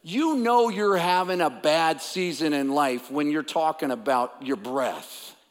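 A man's voice: fairly high pitch, unhurried. A man preaching a sermon as a pastor, conversational and then emphatic, sometimes dropping to a whisper. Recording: long hall reverb.

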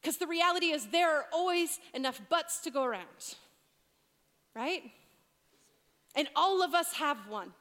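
A woman preaching a sermon, earnest and emphatic, dropping to a hush on key points. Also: high voice, expressive, a little slow, long pauses, long reverb tail, a little hiss or hum.

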